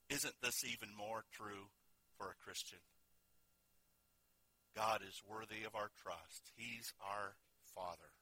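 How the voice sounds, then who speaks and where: A man preaching a sermon, telling stories earnestly and moving between soft and loud delivery. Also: medium pitch, dry recording, poor audio.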